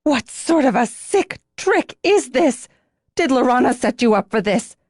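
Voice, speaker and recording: A woman voicing a fierce young woman dragonrider who shouts her accusations in shrill, distraught outbursts. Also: lively intonation, unhurried, no room sound, clean studio sound. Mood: furious.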